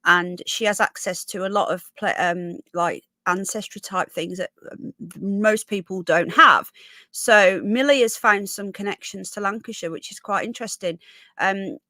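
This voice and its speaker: A woman's voice: mid-range voice, a bit bright, no echo. A woman hosting a casual live stream from home, chatty and rambling, often restarting her sentences. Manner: chatty, rambling, self-interrupting. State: coughing. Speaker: livestream host. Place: home room.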